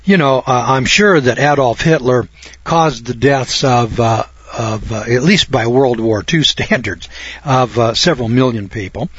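A man preaching a sermon-style monologue, growing emphatic and louder when stressing his points. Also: medium pitch, measured pace, breathy edge, dry recording, dull audio.

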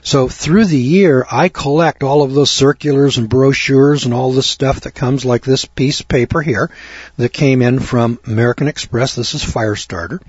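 An older man telling a long folksy story in a rambling talk, with many fillers and throat clearing. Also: mid-range voice, moderate pace, no room sound, highs cut off. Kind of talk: rambling spoken monologue.

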